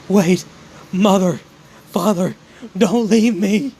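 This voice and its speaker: A man's voice: high voice, expressive, measured pace, slight background noise. A man voicing a distressed teenage boy hero with dragon powers, pleading and crying out in a fan-made story. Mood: desperate. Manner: choked, pleading, rising to cries.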